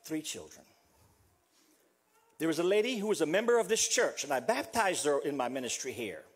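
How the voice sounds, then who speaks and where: A man from South America preaching a funeral sermon as pastor, repeating a refrain softly and building to emphatic passages. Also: very animated, normal speed, slightly rough. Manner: repeats a refrain, dropping to a soft low voice.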